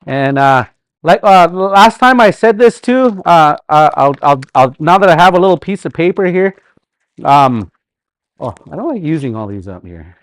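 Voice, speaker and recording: A man teaching a live language class, speaking slowly and repeating words with rhetorical questions. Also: a little high, lively intonation. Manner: slow, repetitive, with sounded-out words and rhetorical questions.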